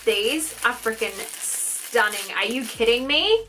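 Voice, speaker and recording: A young woman gushing and gasping her way through an excited makeup unboxing vlog. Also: a little high, a little slow, slight background noise. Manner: gushing, gasping, exclaims constantly. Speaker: beauty vlogger.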